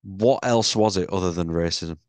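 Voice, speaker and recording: A man's voice: low-pitched, moderate pace, no echo. A British man, a podcast co-host, chatting casually and telling stories with lots of swearing. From Britain. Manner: swears a lot, animated storyteller. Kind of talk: casual chat.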